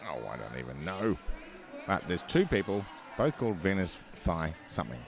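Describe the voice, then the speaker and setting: A man's voice: sits low, big pitch swings, normal speed, gravelly, music in the background. A man with an Australian accent doing live commentary on a roller derby bout, chatty and rambling, with plenty of fillers and self-deprecating asides. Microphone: headset.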